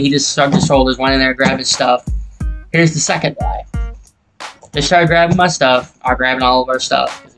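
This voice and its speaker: A man's voice: mid-range voice, vocal fry, fairly bright tone. Heated young man ranting through a story. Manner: heated, profane, rambling retelling. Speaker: gaming channel host. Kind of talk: casual storytelling over gameplay.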